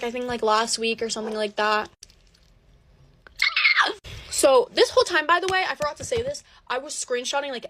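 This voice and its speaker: Casual teen girl storytime, rambly and animated, fillers everywhere. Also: on the high side. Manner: chatty, animated retelling with heavy filler "like".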